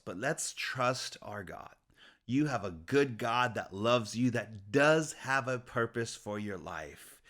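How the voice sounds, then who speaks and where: A man giving an encouraging, motivational faith talk, upbeat and quick to laugh. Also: medium pitch, a bit bright. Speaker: faith speaker.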